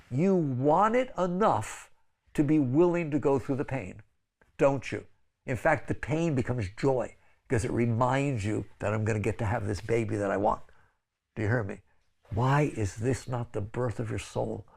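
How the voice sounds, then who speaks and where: An older man giving a spiritual lecture in a conversational, pleading way, with frequent "right?" asides. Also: vocal fry. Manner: sudden high exclaiming bursts when acting out others. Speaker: spiritual teacher.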